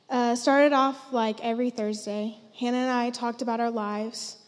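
A woman's voice: fairly high pitch, fairly even intonation, normal speed. A teenage girl on a church stage sharing a personal testimony, heartfelt and emotional. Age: teens. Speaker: student giving testimony. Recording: long church hall reverb.

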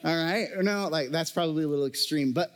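Male preacher, slightly high voice, conversational sermon style, jokey asides to the congregation. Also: a little fast, big-room sound. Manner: conversational, joking asides, frequent fillers.

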